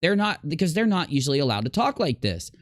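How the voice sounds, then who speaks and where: A man's voice: fairly high pitch, very animated, quick pace, no echo, studio quality. A man talking in a casual, rambling commentary over video clips, stressing his points emphatically. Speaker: YouTube commentator.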